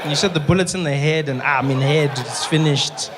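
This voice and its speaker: A male comedian doing stand-up in a quick, animated storytelling voice. He sits fairly high for a man and now and then bursts into shouting. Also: crowd noise, noisy background.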